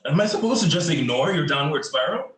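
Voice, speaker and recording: A man's voice: sits low, animated, moderate pace. A man playing a remorseful young police officer who stammers through apologies, read over a video call. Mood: pressing. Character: young male cop, remorseful and persistent. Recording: echoey room.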